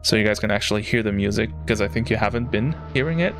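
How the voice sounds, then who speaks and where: A man's voice: lowish voice, quick pace, a bit bright, soft background music. A man streaming a game live, making crude joking asides to his chat.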